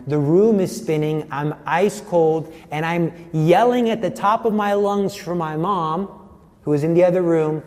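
A man's voice: a little high, darkish tone, in a large hall. A man giving an earnest personal faith testimony, telling his story vividly.

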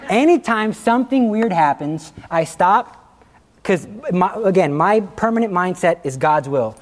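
Animated man telling stories in a religious talk. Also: high voice, unhurried, slight background noise. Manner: animated storytelling, acting out quotes, laughing at his own jokes. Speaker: speaker giving a religious talk. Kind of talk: lively religious talk to an audience.

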